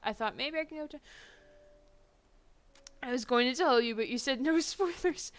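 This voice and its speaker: A woman's voice: high voice, moderate pace. A woman streaming a game live, chatting casually, exasperated, and swearing freely.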